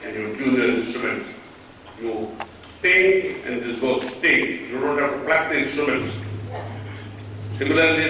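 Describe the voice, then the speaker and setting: An older man giving a slow, reflective spiritual discourse to a gathering, recorded in a large hall. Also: mid-range voice, fairly bright tone, a little hiss or hum. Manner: slow, reflective, voices the Lord in dialogue. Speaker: spiritual teacher. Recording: very echoey hall, from far off.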